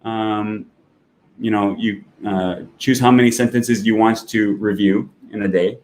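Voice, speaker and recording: A man hosting a language-learning channel, explaining in a relaxed, chatty way with fillers and self-corrections while he clicks through an app. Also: fairly low pitch, unhurried, slight background noise. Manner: walks through an app on screen while talking. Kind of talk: casual explanatory talk.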